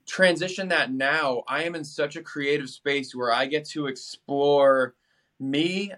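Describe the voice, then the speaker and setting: A man's voice: mid-range voice, a bit bright. A young man from New England, talking in a casual interview with energy, lots of fillers and restarts. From New England, USA. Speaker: podcast guest.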